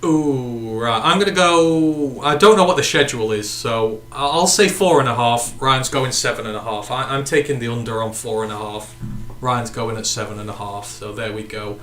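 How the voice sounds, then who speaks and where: A man's voice: medium pitch, normal speed, fairly bright tone, echoey room, a little hiss or hum. A man from the United Kingdom co-hosting a casual sports podcast, chatting and reading out viewer comments. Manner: chatty, reads out viewer comments and sign-offs. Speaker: podcast co-host.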